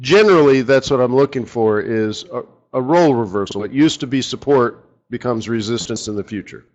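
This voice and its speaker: A man's voice: mid-range voice, a little fast, darkish tone, dull audio. A man running a live forex strategy session, talking casually and rambling, often asking his audience rhetorical questions.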